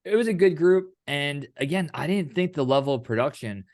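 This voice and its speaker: A man's voice: a little high, a little fast, no room sound. Young man telling a story, dry sound. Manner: animated storyteller, acts out quoted exchanges; casual, swears freely. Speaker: co-host. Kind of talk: casual chat.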